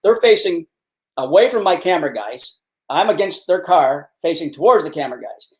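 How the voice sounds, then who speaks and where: A man's voice: on the high side, expressive, moderate pace. A middle-aged Canadian man, a fishing show host, telling a long rambling anecdote in casual chat with restarts. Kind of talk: casual storytelling.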